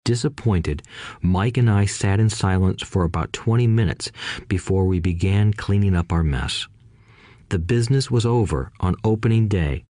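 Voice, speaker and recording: A man tells a first-person childhood memoir in a calm, measured audiobook style. His voice is very deep and low. The recording is close and dry, with no room sound. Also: no room sound. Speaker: narrator.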